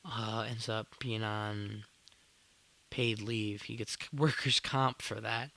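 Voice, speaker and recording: Speaking slowly with a lowish, fairly even voice, a young man hosting a podcast recounts a work story. He rambles, sounds exasperated, drops casual curses, and his voice carries a gravelly fry and bright edge.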